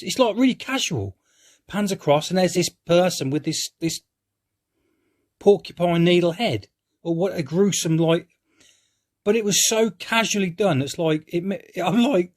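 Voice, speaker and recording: Rambling, frustrated man. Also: a little high. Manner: rambling, hesitant, frustrated, swears casually. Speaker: film reviewer. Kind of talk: live-reaction film review monologue.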